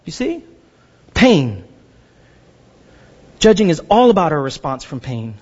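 A man preaching a sermon as pastor, animated and joking, sometimes acting out the voices of the people he quotes. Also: fairly high pitch, slow pace, husky, big-room sound, lo-fi sound.

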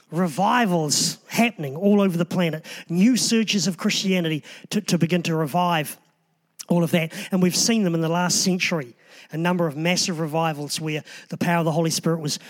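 High-voiced male preacher, conversational. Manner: conversational preaching with frequent restarts and asides. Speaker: pastor. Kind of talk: sermon.

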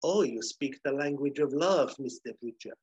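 A man voicing a smooth, cold French government agent with a put-on French accent, coolly polite. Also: mid-range voice, normal speed, a little mellow, no room sound, lightly acted. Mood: cool politeness.

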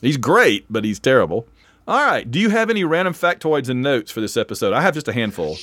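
Man, casual podcast chat, eager fan, mid pitch, dry studio sound. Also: sing-song, fast, fairly bright tone, no echo. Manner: chatty, enthusiastic fan, self-interrupting. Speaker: podcast co-host.

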